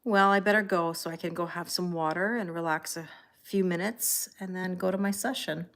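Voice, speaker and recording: A woman hosting a tarot livestream in a calm, chatty way, reading viewer comments aloud and thanking people by name. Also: lowish voice, moderate pace. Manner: calm and relaxed. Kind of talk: casual livestream chat.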